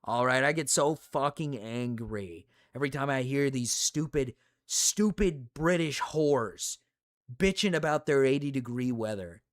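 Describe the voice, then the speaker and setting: Streaming live, a young man goes on a profane, casual rant, circling back to the same phrases again and again. He has a medium pitch, normal speed and few pauses, with studio-quality sound and no echo.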